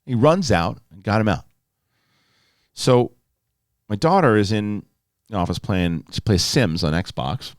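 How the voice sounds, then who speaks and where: A middle-aged man hosting a casual solo show, telling stories with lively, animated delivery and reading a sponsor spot. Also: fairly low pitch, unhurried, long pauses, no room sound, clean studio sound. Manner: animated storytelling, yelling in quoted outbursts. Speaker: host.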